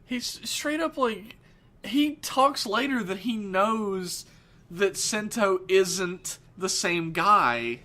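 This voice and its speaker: Bright-voiced man joking around. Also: high voice, expressive, drawn-out words. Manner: joking, mocking asides. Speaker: podcast co-host. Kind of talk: casual chat.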